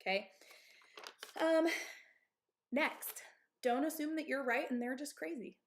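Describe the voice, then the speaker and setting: A woman's voice: high-pitched, a little slow, slight background noise. A woman in her thirties who owns and coaches at a gym, giving candid, emphatic advice on a live stream. She often checks in with "okay?" and "right?". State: out of breath.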